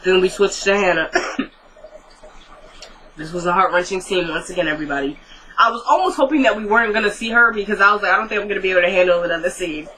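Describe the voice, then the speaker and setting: Woman vlogger, bright voice, chatty recap with quoted dialogue, faint background hiss. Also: on the low side, low-quality recording. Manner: retells scenes quoting characters, chatty with likes and asides. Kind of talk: casual episode recap.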